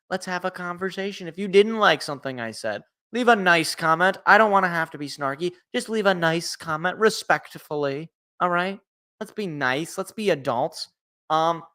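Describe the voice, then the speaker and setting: A man's voice: a little high, pushed and bright, smooth. A man hosting a sports talk show, opinionated and rattling off game picks, his voice worn after a long show. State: tired, voice worn. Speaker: sports podcast host.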